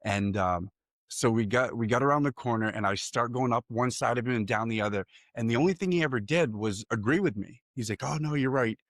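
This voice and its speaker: A man's voice: medium pitch, fairly quick, fairly bright tone, dry recording, studio quality. A man telling a personal story in a casual podcast chat, candid and profane, laughing often. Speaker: podcast co-host.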